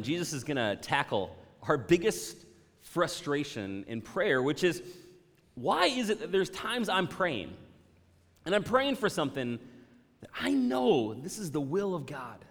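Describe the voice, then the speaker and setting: Speaking a little slowly from a pulpit, a pastor preaches a conversational sermon straight to his church, his pitch swinging widely as he voices his listeners' doubts in animated asides. His voice rings through a big hall with a long, lingering reverb.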